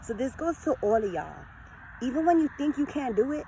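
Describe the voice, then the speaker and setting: A woman in her forties giving an earnest, lively motivational talk to her followers in a vlog. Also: sits high, brisk, creaky, slight background noise, rough recording. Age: 40s. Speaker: vlogger.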